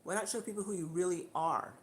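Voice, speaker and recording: On a casual livestream, a woman with a lowish voice talks fast into her camera mic, ranting indignantly and bluntly while repeating herself. Slight background noise is audible.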